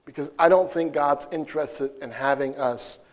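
A man preaching a sermon, playful and animated, who acts out scenes and jokes with the congregation. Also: on the high side, moderate pace. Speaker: pastor.

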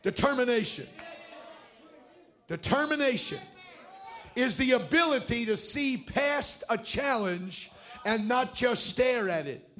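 High-voiced shouting preacher. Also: male voice, lively intonation, slow pace, long pauses, a faint crowd. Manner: fiery, shouting preacher with repeated calls of hallelujah. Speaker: pastor. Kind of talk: shouted revival sermon. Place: church sanctuary.

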